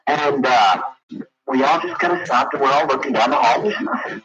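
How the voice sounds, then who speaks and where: A man's voice: mid-range voice, normal speed, noisy background. A man calling in to a late-night radio show, telling a story in a rambling way full of fillers. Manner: rambling, many fillers and restarts. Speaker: caller. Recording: dull lo-fi radio broadcast with crowd.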